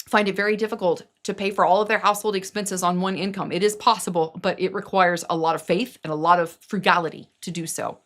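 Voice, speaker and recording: A woman's voice: medium pitch, fairly bright tone. A middle-aged woman giving casual opinion commentary, emphatic and sarcastic, with mocking asides as she rants. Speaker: political commentary vlogger.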